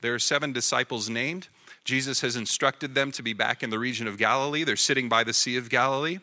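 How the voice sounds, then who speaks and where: A man preaching a sermon in a conversational way, often correcting himself and rising into animated emphasis. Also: mid-range voice, fast. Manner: self-correcting, repeats words. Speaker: pastor.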